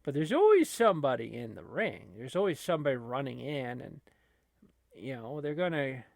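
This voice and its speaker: A man's voice: mid-range voice, big pitch swings, moderate pace, gravelly, dry recording. A man casually commentating a wrestling video game as a channel host, rambling with many fillers and laughing between remarks. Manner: rambling, laughing, filler-heavy, lots of restarts.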